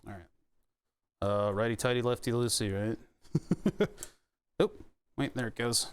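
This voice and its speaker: A man's voice: medium pitch, fairly even intonation, unhurried, clear, resonant tone. A man live-streaming as he assembles a racing wheel setup. He chats casually, jokes about himself and swears when he hurts his hand. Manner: joking, self-deprecating, swears when hurt. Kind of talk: casual live-stream chat while building hardware.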